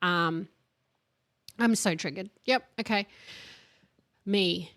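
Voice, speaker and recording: A woman co-hosting a podcast, chatting casually and acting out her mother's scolding in lively bursts. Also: medium pitch, slow pace, no room sound. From Australia. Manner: animated storytelling, acting out her mum's scolding voice. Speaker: podcast co-host. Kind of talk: casual chat.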